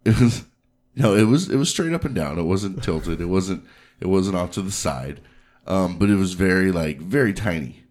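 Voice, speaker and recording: A man's voice: low voice, normal speed. A male podcast host telling profane stories in casual chat, laughing as he goes. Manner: profane, animated, laughs between lines. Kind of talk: casual crude storytelling.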